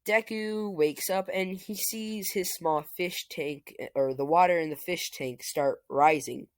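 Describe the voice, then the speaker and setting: A man's voice: high voice, a little slow, no room sound. A man casually narrating a fan-made story as a channel host, in a loose, stop-start way. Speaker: YouTube storyteller.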